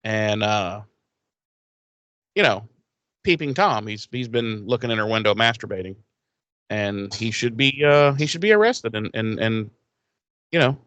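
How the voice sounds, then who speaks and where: A man's voice: on the low side, lively intonation, unhurried, long pauses, a bit bright, no room sound, highs cut off. A man co-hosting a podcast, recapping a TV episode in a rambling, profane, joking way. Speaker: podcast co-host.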